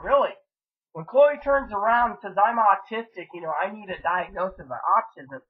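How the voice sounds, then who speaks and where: A man's voice: sits high, animated, brisk. A man talking to camera in a casual venting monologue, rambling and profane, with many repeated fillers. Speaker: vlogger. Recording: tinny phone-like audio.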